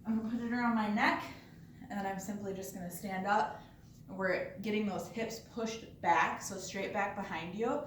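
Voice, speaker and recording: A woman's voice: mid-range voice, steady tone, normal speed, slight background noise. Woman showing coworkers band workouts, casual and chatty, kinda breathless, far from the mic in a roomy echo. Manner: casual, chatty, lots of fillers and "okay?". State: slightly out of breath. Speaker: workplace fitness instructor. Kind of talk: casual exercise demonstration. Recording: echoey room, voice from far off.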